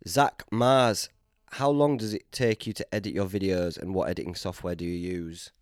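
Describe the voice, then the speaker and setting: Young Yorkshire bloke, podcast host, low-pitched, dry close mic, playful banter. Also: male voice, steady tone, normal speed, no room sound. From Yorkshire, England. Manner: playful, jokey banter with bursts of laughter. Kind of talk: casual chat.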